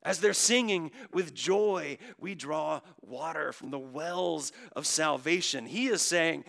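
A man preaching a sermon, moving from quiet storytelling to loud, drawn-out emphasis. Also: fairly high pitch, creaky. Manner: swings from hushed to loud, stretching key words. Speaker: pastor.

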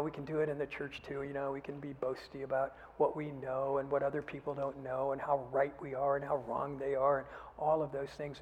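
An older man preaching a sermon as a pastor, earnest, rising to loud emphasis and sinking to near whispers. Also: on the high side, slight background noise. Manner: earnest, swells louder then drops to a near whisper. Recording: dull sound with long hall reverb.

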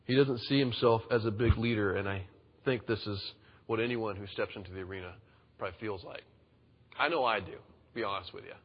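A man's voice: fairly low pitch, a little fast, breathy edge. Man preaching in a long-echo hall. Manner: conversational, acts out quoted voices. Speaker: pastor. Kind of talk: sermon. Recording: dull sound in a reverberant hall.

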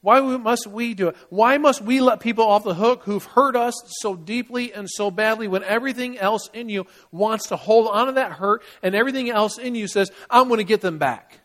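A pastor delivers a sermon in a conversational, plain-spoken way. He keeps posing rhetorical questions to his listeners, and his voice sits high for a man. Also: moderate pace, hardly any pauses, fairly bright tone.

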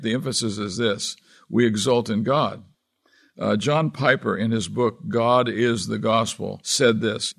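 A man's voice: fairly low pitch, vocal fry. A man preaching a sermon as pastor, earnestly reading and explaining scripture verse by verse.

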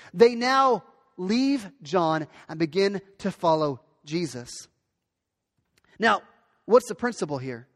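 A male pastor giving an earnest, emphatic sermon that repeats its key points. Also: sits high. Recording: long hall reverb.

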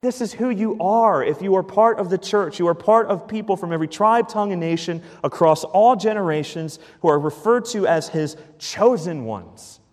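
A man preaching a sermon as pastor, emphatic, repeating key phrases and dropping to a hush at the ends of lines. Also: high-pitched, animated, normal speed, hardly any pauses, in a large hall.

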